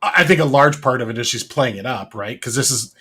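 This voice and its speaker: A man's voice: medium pitch, fairly quick, pushed and bright, slightly rough. A man co-hosting a casual podcast, talking in a mocking way and reading quotes aloud. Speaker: podcast co-host.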